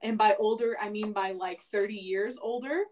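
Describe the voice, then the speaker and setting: A woman's voice: mid-range voice, moderate pace, darkish tone, poor audio. A woman co-hosting a casual podcast, talking animatedly, laughing often and swearing. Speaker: podcast co-host.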